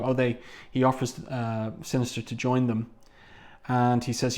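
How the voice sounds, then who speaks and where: Man, comic book reviewer, casual chat, mid pitch, reads panel dialogue aloud. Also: completely flat delivery, normal speed, darkish tone. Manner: chatty, stops to read panel dialogue aloud.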